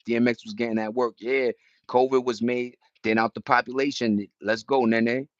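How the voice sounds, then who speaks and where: A man's voice: medium pitch, level tone, normal speed, no echo. A young man hosting a casual chat, rambling in slang with many restarts. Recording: dull dry lo-fi sound.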